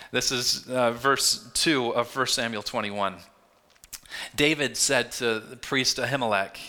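Bright-voiced male pastor preaching. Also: mid-range voice, unhurried. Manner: earnest, animated storytelling with quoted voices. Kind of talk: sermon.

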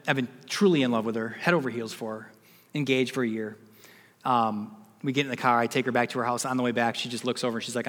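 A man's voice: medium pitch, fairly bright tone, big-room sound. A man in his forties, a pastor giving a sermon, telling a personal story and building to emphatic preaching.

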